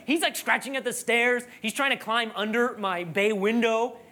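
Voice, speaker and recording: A preacher giving a sermon, telling a lively personal story and then building to emphatic, raised-voice preaching. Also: mid-range voice, normal speed.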